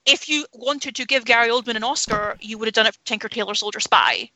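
A woman's voice: a little high, fast, pushed and bright, no echo, low-quality recording. A woman talking candidly about films in a casual podcast chat, opinionated and swearing freely. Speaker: film podcast panelist.

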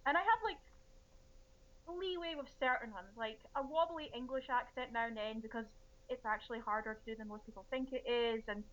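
Opinionated woman co-host, rattles on fast; lo-fi sound. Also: fairly high pitch, fairly bright tone. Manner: fast, opinionated, rambling asides. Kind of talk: casual chat.

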